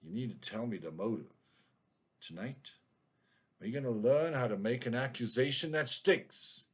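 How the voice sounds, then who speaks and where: A man's voice: fairly low pitch, lively intonation, slow, pitched below the performer's own voice. A man reading a noir story aloud in the voice of a hard-boiled male detective, with clipped, brooding narration. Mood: tough.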